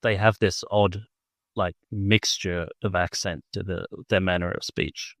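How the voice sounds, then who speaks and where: A man's voice: low-pitched, steady tone, a little slow, a bit bright, no room sound, studio quality. A man co-hosting a podcast, chatting casually and enthusiastically about a film, with lots of restarts and fillers. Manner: rambling, full of "like" and restarts, enthusiastic. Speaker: podcast co-host. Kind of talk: casual film-review chat.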